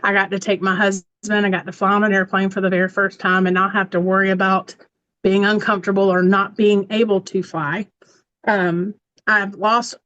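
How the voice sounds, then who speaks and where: An earnest woman in her forties tells her own story in a heartfelt, encouraging way. Her voice sits at a middle pitch, and she speaks straight from the heart to her listeners. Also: fairly bright tone, poor audio. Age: 40s. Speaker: community member sharing testimonial. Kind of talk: heartfelt personal testimonial.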